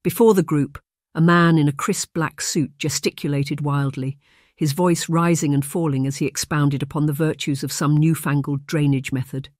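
Here a romance novel is read aloud by an audiobook narrator whose scripted storytelling stays measured and even. The voice sits in the mid range, with a dry recording and clean studio sound.

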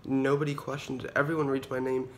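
Stuck in a hospital room before kidney surgery, a sick young man vlogs a casual rant into his phone, swearing dramatically and using lots of fillers. He speaks at a quick pace with medium pitch and a level tone, over a faint hiss or hum.

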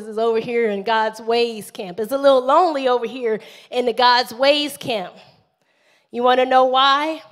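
Woman, pastor, high-pitched, animated live sermon, call-and-response. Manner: animated preaching, calls for amens, acts out prayers.

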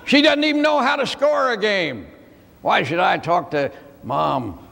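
A man's voice: high-pitched, animated, measured pace, creaky, sharp tone, big-room sound, exaggerated voice. A man voicing a glum young male basketball player who doubts his mother's advice, told within a sermon. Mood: dismissive. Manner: complaining, dismissive.

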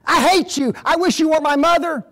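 A man voicing an angry young girl who talks back to her mother, loud and defiant. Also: very high-pitched, fairly even intonation, brisk, voice pushed up. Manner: defiant, shouting.

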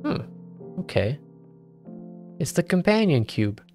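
A man's voice: on the high side, big pitch swings, slow, darkish tone. A man playing a game and commenting in a playful way, joking and talking to himself. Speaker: gaming video creator. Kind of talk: let's play commentary. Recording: faint game music behind.

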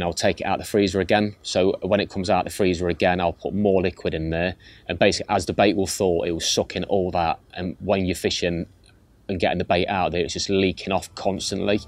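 A young man, a carp angler, calmly explaining his bait and fishing methods step by step, outdoors by a lake. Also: low voice. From England. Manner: matter-of-fact, explains step by step. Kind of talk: casual instructional talk. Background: background music.

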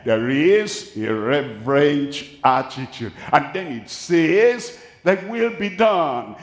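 Man, Nigerian accent, pastor preaching, slow measured phrasing, slightly high voice, big reverberant hall. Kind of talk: sermon. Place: large crusade venue. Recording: echoey hall, voice from a distance.

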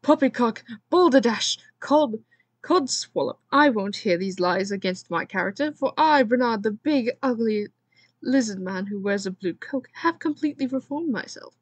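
A woman voicing a big, ugly, scheming male lizard man in a read-aloud storybook, with theatrical, blustering delivery and a slightly breathy tone. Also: mid-range voice, big pitch swings, moderate pace, no room sound.

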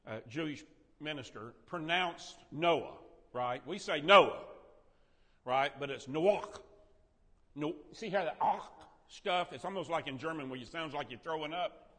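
A man leads a Sunday school Bible lesson, his voice high and bright with big swings in pitch. He asks the class questions and jokes with them. The long reverb of a church room trails behind him. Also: normal speed. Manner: animated, quizzes and jokes with the class.

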